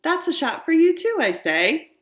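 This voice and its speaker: A stubborn little girl who insists she is a puppy, barking, growling and refusing everything in a storybook reading, as a woman puts her on. The voice is pitched up and lively, louder than the reader's plain narration. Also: normal speed, echoey room, full character voice. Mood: playful.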